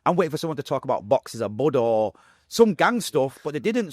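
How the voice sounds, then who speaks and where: Animated and a little fast, a medium-pitched Manchester voice tells an interviewer his life story. The man, from England, speaks bluntly and with emotion, using street slang, on a dry, studio-quality recording.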